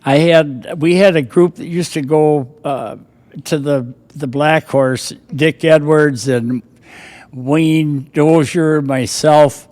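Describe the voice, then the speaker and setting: Older guy rambling through old stories, chuckles, kinda high voice, reverby room. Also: steady tone, takes it slowly, a little mellow. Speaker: guest. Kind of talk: casual storytelling.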